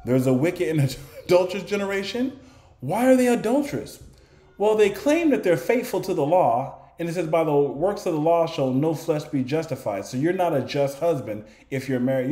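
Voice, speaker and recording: A man's voice: on the high side, lively intonation, normal speed, warm tone, echoey room. A man giving informal bible teaching, asking rhetorical questions and answering them in a conversational way. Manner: conversational, with chuckles and restarts. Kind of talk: informal preaching to camera.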